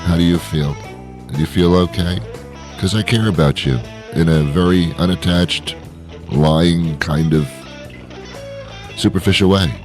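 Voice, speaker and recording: A man hosting a radio show with a comic, rambling, self-mocking monologue, his voice hoarse and stuffy from a cold. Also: low voice, a little slow, long pauses, a little mellow, faint music behind. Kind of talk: comedic monologue.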